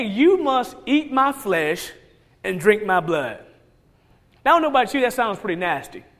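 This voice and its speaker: A man preaching a sermon, retelling scripture and acting out the crowd's lines. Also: extremely high pitch. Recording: long reverb of a large hall.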